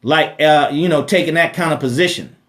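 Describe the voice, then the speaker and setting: A man with a fairly high voice hosts a live money Q&A. He talks in an emphatic, preachy way, repeating his points and checking in with a rhetorical "right?". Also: fairly quick, a bit bright. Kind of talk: preachy live-stream talk.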